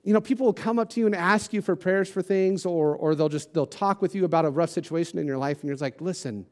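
A man preaching in a relaxed, chatty way, his voice sitting a little higher than most men's. He trades solemn scripture for self-deprecating jokes, and his talk is full of "like" and "you know". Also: quick pace. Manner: casual, joking and self-deprecating; conversational with many fillers like "like" and "you know". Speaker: pastor. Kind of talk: sermon.

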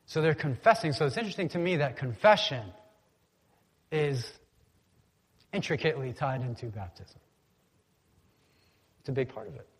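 A man's voice: medium pitch, expressive, moderate pace, long pauses, husky. A man preaching a conversational sermon in a church, calling on the congregation to repeat words after him. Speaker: pastor. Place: church sanctuary. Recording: long hall reverb.

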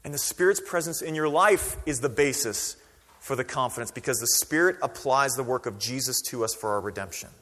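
Animated male preacher in a reverberant hall. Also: medium pitch, brisk. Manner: conversational, animated preacher who acts out quoted voices. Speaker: pastor. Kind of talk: sermon.

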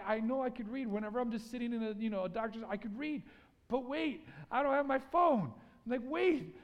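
High-voiced man preaching in a reverberant church. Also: highs cut off. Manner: animated storytelling, acting out his own panic; quizzes the congregation with statistics. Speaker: pastor. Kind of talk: sermon. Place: church sanctuary.

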